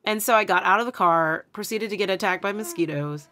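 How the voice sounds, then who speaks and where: A woman co-hosting a casual podcast, telling animated stories with lots of fillers and laughter. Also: mid-range voice, a little fast. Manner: animated storyteller, many fillers, laughs often. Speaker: podcast co-host. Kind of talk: casual chat.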